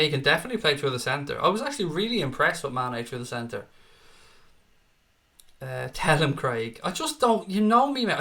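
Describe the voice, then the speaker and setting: A man's voice: medium pitch, bright, forceful tone. Blunt, swearing Irish man. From Ireland. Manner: blunt, profane, reads out chat comments. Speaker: livestream host. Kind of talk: casual live-chat stream.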